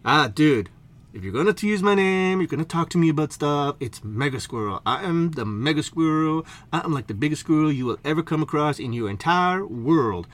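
A man's voice: a little high, lively intonation, brisk, close to an everyday voice. A man voicing a laid-back stoner giant squirrel who drawls in surfer slang. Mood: mellow.

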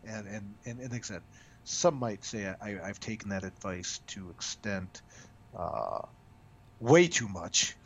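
A man's voice: fairly low pitch, sing-song, moderate pace, fairly bright tone, slightly rough. A man, a comic book writer, telling stories in a casual interview, talking animatedly with frequent restarts and stammered repeats. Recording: dull lo-fi audio.

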